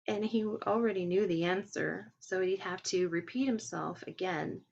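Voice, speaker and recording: A woman retells a talk in a casual way. She quotes the speaker and breaks in with her own asides. Her voice sits fairly low and has a husky, gravelly texture. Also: normal speed, a little mellow, lo-fi sound. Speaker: transcriber retelling a webinar.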